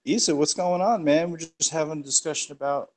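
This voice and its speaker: A man's voice: on the high side, brisk, darkish tone. A man hosting a casual livestream chat, joking dryly and trailing off. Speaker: host.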